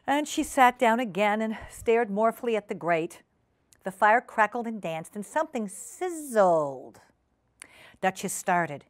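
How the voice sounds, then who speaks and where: A woman hosting a community TV show, reading a children's story aloud in a gentle, unhurried way in a studio. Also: mid-range voice, very animated. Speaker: storyteller host.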